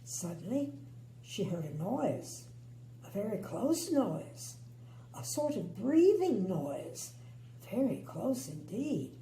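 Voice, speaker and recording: Older grandma storyteller: slow and lively, with a gravelly, mellow voice, recorded in an echoey room with a faint hum. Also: female voice, medium pitch. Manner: expressive, chatty, opinionated asides. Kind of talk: bedtime story reading with asides.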